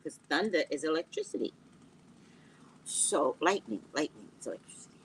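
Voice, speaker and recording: At a normal speed and with a voice that sits low, a woman hosts her psychic livestream from home, bantering with chat in an animated, jokey way. Poor audio with a little hiss or hum gives away the missing external mic.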